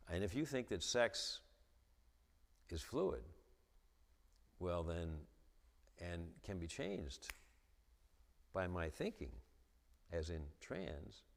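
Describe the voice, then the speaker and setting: A man's voice: sits low, long reverb tail. A man giving a lecture-style talk at a church, stuttering and repeating the starts of his sentences. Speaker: guest speaker at a church. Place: church hall with an audience.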